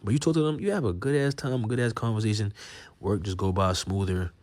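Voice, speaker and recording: A young man ranting to camera about work beef, animated and slangy, laughing often. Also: fairly low pitch, fairly quick. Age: young adult. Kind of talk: comedic rant to camera.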